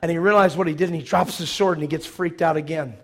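A man preaching a sermon who retells a movie in an animated way, acting out the scenes with sudden loud bursts. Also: a little high, fast talker.

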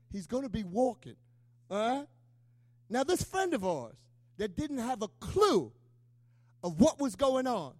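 A man's voice: high-pitched, no room sound. A middle-aged man, a pastor, preaching an emotional, conversational sermon with call-and-response asides.

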